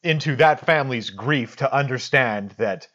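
A man co-hosting a casual comedic movie review chat, arguing in a deadpan, mock-serious way. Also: medium pitch, moderate pace, highs cut off. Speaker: podcast co-host.

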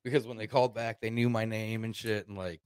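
A man's voice: fairly low pitch, flat delivery, fast talker, darkish tone, clean tone, dry recording. A man from Arkansas telling a rambling, profane story in a casual podcast chat, acting out the voices of the people he quotes. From Arkansas, United States.

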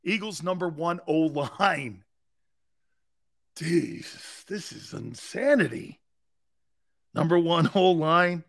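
A middle-aged man hosting a sports talk radio show, ranting sarcastically and bombastically with bursts of shouting. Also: a little high.

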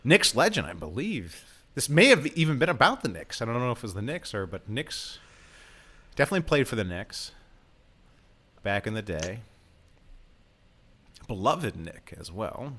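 A man's voice: mid-range voice, very animated, normal speed, pauses often, a bit bright, husky. A man hosting a casual podcast quiz, reading quotes aloud and laughing often. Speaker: podcast host running a quiz.

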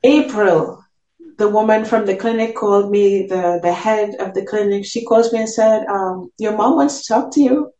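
A woman's voice: mid-range voice, normal speed, dark tone, roomy sound, dull audio. A woman guest telling a personal faith testimony in an interview, earnestly acting out the dialogue she recalls. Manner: earnest storytelling, acts out quoted dialogue.

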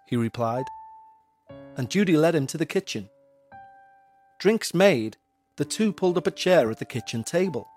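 A man narrating a scripted paranormal horror story, his voice somewhat high for a man. He tells it in a steady, measured way. Faint music plays behind him.

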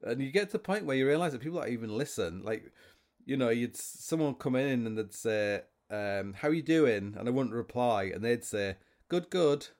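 A man's voice: medium pitch, fairly quick, a little mellow. A man hosting a podcast, telling rambling, self-mocking stories in a casual monologue. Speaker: podcast host.

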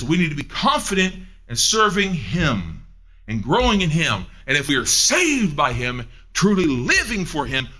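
A man preaching a sermon, emphatic, asking the listeners questions and swinging between loud and hushed. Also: a little high, slightly rough. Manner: asks the audience questions.

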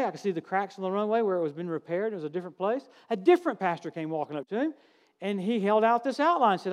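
A man delivers a sermon to a church congregation. His voice sits high for a man, and he tells stories with folksy humor and lively, animated energy. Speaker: preacher. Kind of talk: sermon with storytelling.

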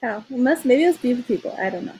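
A young woman chatting casually with a friend, her voice husky and breathy. Her high pitch swings widely as she talks, and she often trails off and starts her sentences over. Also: expressive, very fast, darkish tone, rough recording. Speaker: podcast co-host. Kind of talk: casual chat.

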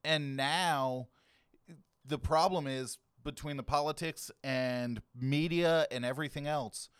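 Male podcast host, smooth, resonant voice, easygoing, dry close sound. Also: on the high side, fairly bright tone, no room sound. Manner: easygoing, agreeable, quick to laugh. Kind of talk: casual chat.

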